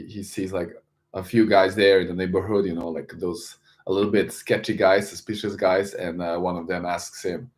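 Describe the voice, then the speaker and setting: A man with a somewhat low voice hosts a casual live stream. He greets viewers and answers the chat in a loose, chatty way. His sentences often stop and start again. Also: darkish tone. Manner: loose and searching, with frequent restarts.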